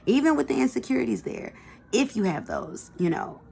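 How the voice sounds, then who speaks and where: A woman's voice: fairly high pitch, sing-song, a little fast, creaky, darkish tone, slight background noise. A woman giving a casual pick-a-card tarot reading, chatty and colloquial, talking straight to her viewers. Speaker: tarot reader.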